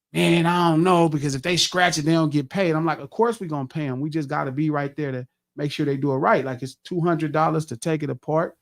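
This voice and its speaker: A middle-aged man hosting a podcast, telling a long casual story with lots of swearing and acting out what he said to others. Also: on the high side. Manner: profane, animated, acts out his own quotes. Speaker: podcast host.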